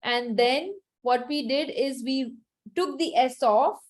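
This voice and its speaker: A woman's voice: sits high, slow, low-quality recording. A woman teaching a French class online over a video call, patiently repeating each word for her students to drill.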